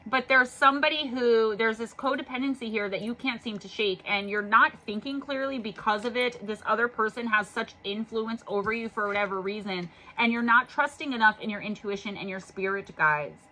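A woman's voice: on the high side, a little fast, hardly any pauses, bright, forceful tone, rough recording. A woman giving an intuitive tarot reading in an earnest, urging way, her voice worn from reading all day. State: losing her voice. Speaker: tarot reader.

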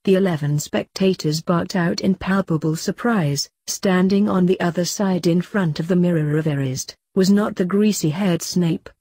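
Low, husky woman reading a story. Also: darkish tone, no echo. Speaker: fanfiction reader. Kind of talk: reading fanfiction aloud.

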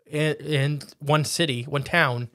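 A man's voice: a little high, steady tone, slow, a bit bright. A man co-hosting a paranormal podcast, chatting casually in a loose, rambling way with restarts. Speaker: podcast co-host.

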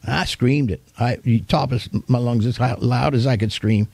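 Older man preaching with a warm, mellow voice. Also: medium pitch, moderate pace, creaky, hardly any pauses, no room sound. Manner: folksy, homespun storytelling; vivid, animated retelling. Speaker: pastor. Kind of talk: storytelling sermon.

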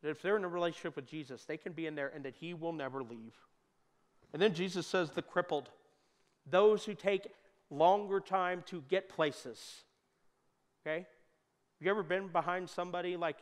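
A man preaching a sermon in a church, talking conversationally and joking, with sudden loud bursts. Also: a little high, clear, resonant tone. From United States. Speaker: pastor. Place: church hall. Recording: long hall reverb.

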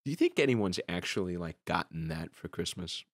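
A man's voice: low voice, animated, a little fast, creaky, no echo, clean studio sound. A young man hosting a casual podcast, telling rambling stories full of fillers and restarts. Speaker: podcast host.

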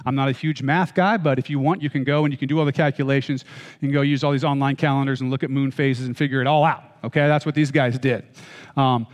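A man's voice: medium pitch, fairly even intonation, fast talker, big-room sound. A man preaching a sermon as pastor, reading scripture and then explaining it in a conversational way, with joking asides and frequent check-ins with listeners. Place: church hall.

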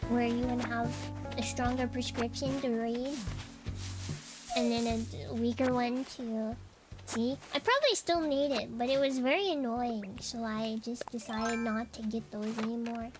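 A woman chatting casually while streaming a game. She tells stories in a chatty way and giggles often. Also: fairly high pitch. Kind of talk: casual chat while gaming.

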